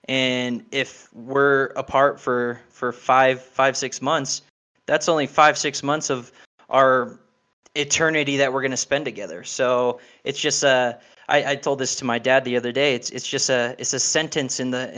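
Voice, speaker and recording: A man chatting casually as a podcast guest, thoughtful and halting, with many pauses and repeated words. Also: mid-range voice, a bit bright. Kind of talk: casual chat.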